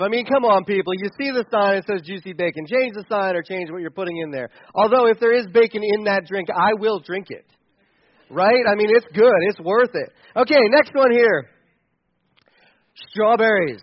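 Guy with a really high voice, sarcastic and fed up, riffing on funny pics, kinda dull lo-fi audio. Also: animated, moderate pace, no echo. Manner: sarcastic, exasperated, chuckling. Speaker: comedic commentator. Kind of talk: comedic picture commentary.

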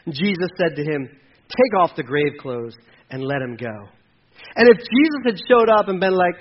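High-voiced man preaching with passion. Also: fairly quick, breathy edge, muffled recording. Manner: impassioned, acts out voices from the scripture. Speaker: pastor. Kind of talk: sermon.

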